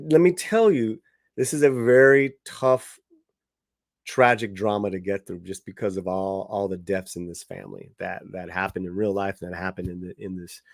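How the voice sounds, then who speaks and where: A man's voice: medium pitch, no room sound, clean studio sound. A man giving a casual spoken film review, conversational, with many fillers and restarts. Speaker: movie reviewer.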